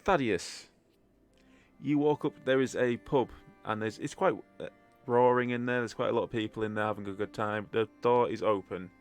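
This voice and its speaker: Man, game master, deep voice, rambling narration, faint music behind. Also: normal speed. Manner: rambling, relaxed, full of fillers.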